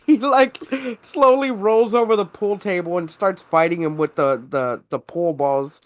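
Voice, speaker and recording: A man's voice: high voice, measured pace, dry recording. A man co-hosting a podcast, casually retelling a movie plot, laughing often and acting out the characters' lines. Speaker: podcast co-host.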